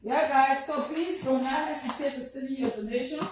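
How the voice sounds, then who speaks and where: High-voiced Liberian woman streaming. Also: brisk, noisy background. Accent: Liberian English. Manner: chatty and preachy, urging donations. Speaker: livestream host. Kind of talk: casual livestream chat.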